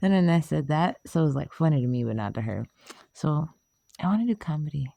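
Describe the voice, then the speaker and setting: Low gravelly woman, rambling casual chat. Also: lively intonation, fast, dark tone, no echo. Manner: rambling, laughs often, swears, trails off. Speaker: vlogger.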